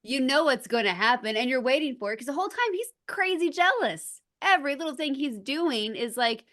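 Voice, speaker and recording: A woman chatting casually on a podcast about a film, animated and giggly, full of "like" and "um". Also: fairly high pitch, normal speed. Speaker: podcast guest. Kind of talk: casual movie-review chat.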